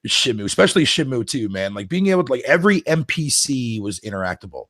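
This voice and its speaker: A fast-talking man swings his voice up and down as he raves about games. He swears freely, and his voice sounds dry and close with no room sound. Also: mid-range voice, no echo. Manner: excitable, profane, animated storytelling. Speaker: podcast panelist. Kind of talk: casual gaming podcast chat.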